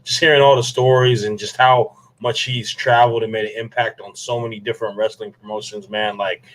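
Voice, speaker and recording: A man's voice: on the low side, little pitch movement, brisk, rough recording. A man co-hosting a podcast in a laid-back, casual way. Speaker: podcast co-host. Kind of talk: casual chat.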